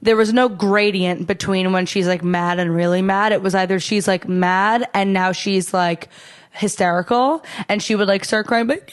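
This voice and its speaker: A young woman in casual chat, telling stories in an animated way, swearing and acting out what people said. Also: medium pitch, moderate pace. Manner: animated storyteller, swears, acts out quotes.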